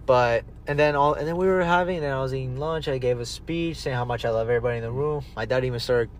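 A man's voice: mid-range voice, fast talker, a little hiss or hum. A young man hosting a casual podcast, rambling through stories, quoting people and swearing freely. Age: young adult. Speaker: podcast host. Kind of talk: casual chat, storytelling.

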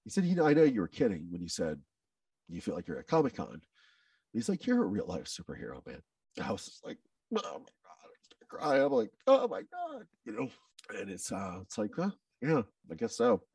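A man speaking as a podcast guest, telling an emotional personal story in an animated way, with many restarts and quoted dialogue. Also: lowish voice, fairly quick, vocal fry, breathy edge, no room sound, distant mic.

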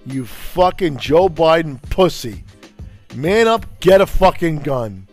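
A man from Brooklyn delivers a furious, profanity-laced rant, his voice pitched a little higher than most men's. He talks in a confrontational way, and faint music plays underneath. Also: expressive, unhurried, darkish tone. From Brooklyn, New York. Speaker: podcast host.

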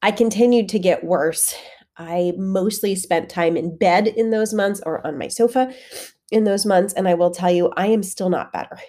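A woman's voice: mid-range voice, normal speed, mellow. A woman fitness coach hosting her own podcast, talking candidly in a conversational way while congested with a head-cold voice. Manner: candid, conversational, with frequent fillers. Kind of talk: solo podcast monologue.

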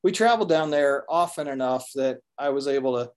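A man from the American Midwest, a guest on a podcast, talking in an easygoing, slightly halting way. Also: medium pitch. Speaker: voice actor guest. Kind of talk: casual chat.

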